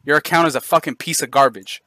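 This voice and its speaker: A man's voice: on the high side, quick pace, sharp tone, no room sound. A man hosting a heated voice chat, aggressive and mocking, cutting in constantly and berating the people he talks to. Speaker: Discord server host. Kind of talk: heated voice-chat trash talk.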